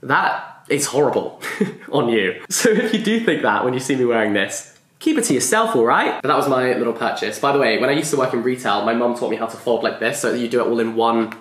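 A young man talks straight to camera in a relaxed vlog, trading quick asides and self-mocking jokes. His voice sits at an ordinary middle pitch. The room around him adds a noticeable echo. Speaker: book vlogger. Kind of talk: casual vlog chat to camera. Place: his flat, indoors. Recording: roomy indoor echo.

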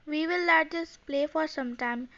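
A woman reading fan fiction aloud in a plain, even way, with non-native phrasing, on a dull lo-fi home recording. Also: sits high, a little slow. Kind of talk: story reading.

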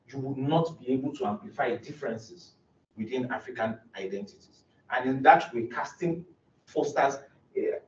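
A young doctoral student with a medium-pitched voice gives an academic presentation, explaining earnestly and restarting often. The recording, made in a presentation room, sounds roomy, distant and dull, with a little hiss or hum.

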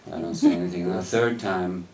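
A man on a film Q&A panel, talking in a rambling, animated way and laughing as he tells stories in a cinema hall. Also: low voice, brisk, distant mic, a crowd in the background. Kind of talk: casual live Q&A storytelling. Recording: echoey hall, mic heard from afar.

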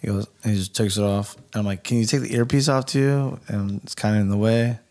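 A man with a Californian accent, a barber telling a story on a podcast, animated and full of swearing, acting out what people said. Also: fairly low pitch, fairly quick. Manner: animated, swears a lot, acts out quotes. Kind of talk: casual storytelling chat.

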